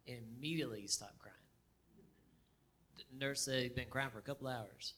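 A man tells a personal story in an easygoing, halting way, full of fillers and restarts. His voice sits at an ordinary pitch for a man. The delivery is casual and conversational. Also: bright, forceful tone. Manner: chatty, halting, with frequent fillers and laughs.

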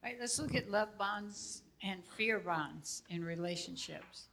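A woman's voice: mid-range voice, unhurried, gravelly, fairly bright tone. A woman steadily reading through a numbered list, as in a lesson.

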